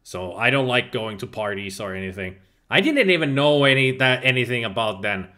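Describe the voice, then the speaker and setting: A man's voice: medium pitch, animated, brisk, pushed and bright. A man from Finland, hosting a livestream and chatting casually as he reads the live chat, laughing often and restarting words. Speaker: livestream host.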